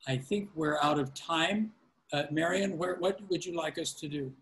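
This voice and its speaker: A man's voice: a little high, moderate pace, a bit bright, poor audio. Earnest pastor man giving fatherly counsel. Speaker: pastor teaching preaching. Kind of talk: informal teaching on a video call.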